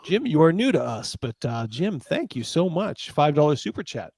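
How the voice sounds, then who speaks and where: A man's voice: fairly high pitch, big pitch swings, normal speed, dry recording, clean studio sound. A man hosting a casual livestream, laughing often and reading viewer messages aloud. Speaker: show host.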